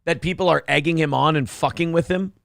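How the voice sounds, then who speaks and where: Sarcastic male talk host, slightly higher voice, gravelly, dry close studio sound. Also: brisk, fairly bright tone, no room sound. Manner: sarcastic, mocking. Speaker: morning show host. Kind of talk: casual chat.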